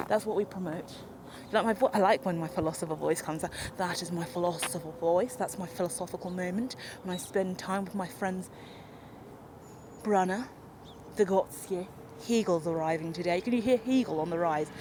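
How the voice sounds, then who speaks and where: A woman's voice: on the low side, moderate pace, noisy background. Brief: woman, walk-and-talk vlogger, chatty and self-mocking, recorded outdoors on a handheld camera. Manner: rambling, animated and self-mocking. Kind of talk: unscripted walk-and-talk vlog. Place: outdoors in a park or woodland. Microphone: handheld camera while walking.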